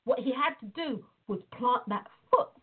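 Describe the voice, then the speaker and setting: A woman with a rather high, husky voice teaches in a loose, chatty way. She tells her stories with animation and acts out every quoted line. The sound comes through thin and tinny, like a phone line. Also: lively intonation, moderate pace. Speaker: prayer and visualization teacher. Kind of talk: casual spoken teaching on a call.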